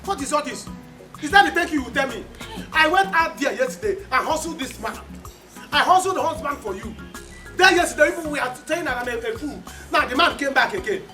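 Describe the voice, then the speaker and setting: An actor in a Nollywood film plays a brash, boastful Nigerian woman who schemes against and bullies her family. Her high voice is animated and a little fast, loud and repetitive in its bragging, with soft music in the background.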